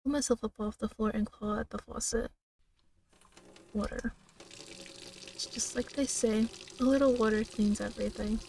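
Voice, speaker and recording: A woman streamer reads a narrative game aloud in a slow, dramatic way, often breaking off for laughs and asides. Her voice sits fairly high and sounds mellow and soft-edged. She sounds set back from the microphone. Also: steady tone, vocal fry, far from the mic, a little hiss or hum.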